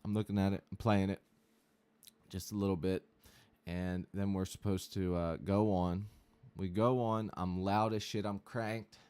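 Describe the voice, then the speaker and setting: A guitarist and streamer casually telling a rambling, profane anecdote on a livestream, with lots of fillers. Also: male voice, fairly low pitch, darkish tone, clear, resonant tone.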